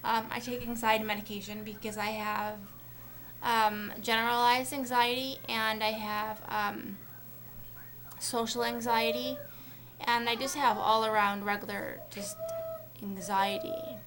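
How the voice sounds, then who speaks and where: Young female vlogger, slightly high voice, loose rambling delivery full of fillers, faint hiss on the recording. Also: steady tone, unhurried, fairly bright tone. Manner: rambling, many fillers and restarts. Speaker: vlogger on a collab channel. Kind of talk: casual talk to camera.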